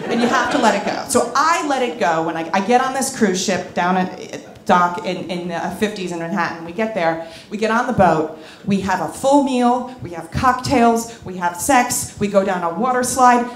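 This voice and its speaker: A woman telling a comic story on stage to a live audience, animated and candid, often laughing as she talks. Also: mid-range voice, normal speed, echoey room, a little hiss or hum. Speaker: comedic storyteller. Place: club stage before an audience.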